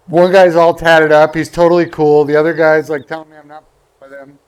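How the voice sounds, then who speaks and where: A man with a fairly high-pitched voice tells a rambling story in relaxed, casual conversation. He keeps slipping into the voices of the people he quotes as he goes. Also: a little fast, smooth. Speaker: guest golfer. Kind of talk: casual anecdote telling.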